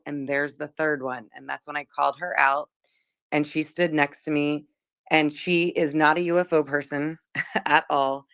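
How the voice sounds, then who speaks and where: A woman's voice: low-pitched, steady tone, brisk, vocal fry, a bit bright, no room sound. A woman in her forties from South Jersey, casually recounting what she saw, chatty and rambling with many fillers. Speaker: witness.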